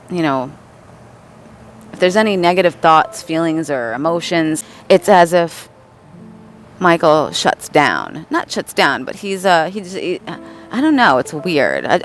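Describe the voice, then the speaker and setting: A woman talking casually in a spiritual vlog, rambling, restarting sentences and often asking "right?", at times reading horoscopes aloud. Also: on the low side. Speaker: channeler and astrology vlogger.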